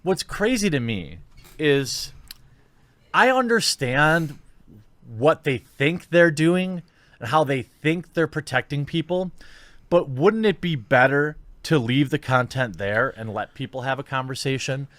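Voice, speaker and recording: A man giving video commentary, reasoning in a measured way, played back inside a stream. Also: fairly high pitch, expressive, fairly bright tone, dry recording. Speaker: online commentator.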